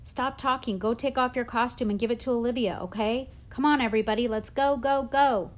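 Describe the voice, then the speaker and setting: A woman voicing a hot-tempered middle-aged male school drama director, loud and exasperated in a storybook reading. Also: fairly high pitch, brisk, pitched above the performer's own voice, natural voice. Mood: shouting orders.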